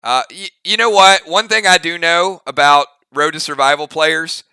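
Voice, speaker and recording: Bright, crisp game-master man. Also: a little high, no echo, studio quality. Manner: upbeat, drawn-out play-by-play calls. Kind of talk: live game narration and commentary.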